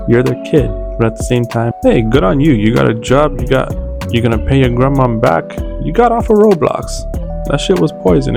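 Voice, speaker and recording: A man's voice: medium pitch, creaky. A young man giving casual, slangy reaction commentary, blunt and swearing freely. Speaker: video reactor host. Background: music.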